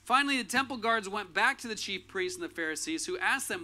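A man's voice: high-pitched, expressive, a little fast, pushed and bright. A man preaching a sermon in a casual, conversational way, with lots of fillers and restarts. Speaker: pastor.

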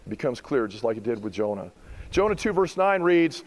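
A middle-aged male pastor preaching a sermon, building to emphatic rhetorical questions and then easing into softer, reflective passages. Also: medium pitch, big pitch swings, fairly quick, long reverb tail, low-quality recording.

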